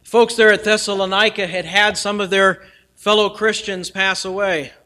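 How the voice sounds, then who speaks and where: A pastor delivers his sermon in a high, ringing voice. He is earnest and shifts between loud emphasis and hushed, near-whispered lines. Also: fairly even intonation, normal speed.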